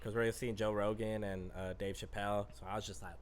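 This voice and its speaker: A man's voice: fairly low pitch, fast talker, over a noisy crowd. A man co-hosting a podcast, telling stories in casual chat, full of swearing. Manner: animated, profane anecdotes. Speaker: podcast co-host. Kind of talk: casual storytelling.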